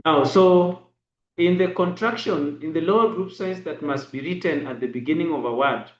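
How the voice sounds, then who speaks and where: A man teaching a braille lesson, slowly spelling out letters and dot numbers. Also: on the high side. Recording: echoey dull lo-fi room.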